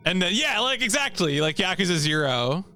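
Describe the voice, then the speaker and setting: A man streaming a video game, chatting casually with viewers in an animated way and laughing often. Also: sits high, fairly quick, soft background music.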